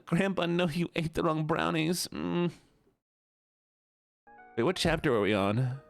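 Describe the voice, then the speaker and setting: A man streaming a game, commenting in an excitable, goofy, joking way. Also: fairly high pitch, unhurried, gravelly. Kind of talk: gaming livestream commentary.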